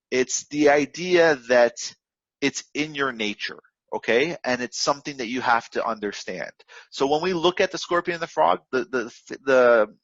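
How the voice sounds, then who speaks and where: A man's voice: medium pitch, a bit bright, no room sound, dull audio. A man coaching forex traders in a casual motivational talk, rambling and full of fillers and repeats. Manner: rambling, filler-heavy, repetitive, instructive.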